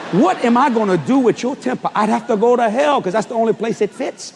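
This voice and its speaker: Animated preacher man in a big hall. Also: very high voice, fast, vocal fry, hardly any pauses. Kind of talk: comic storytelling sermon. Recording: long hall reverb with faint noise.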